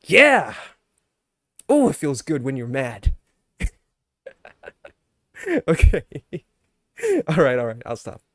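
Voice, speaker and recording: A man's voice: medium pitch, animated, slow pace, pauses often, darkish tone, no room sound, studio quality. A young man chatting casually on his live stream, ranting with mock anger at his chat, then laughing and apologizing.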